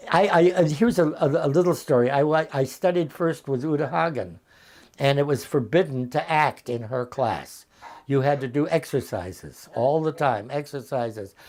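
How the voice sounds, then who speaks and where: A man in his eighties, a veteran actor as an interview guest, telling anecdotes in a lively, chuckling way over a video call from his home. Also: fairly high pitch. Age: 80s. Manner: lively raconteur, often chuckling. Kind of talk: anecdotal storytelling.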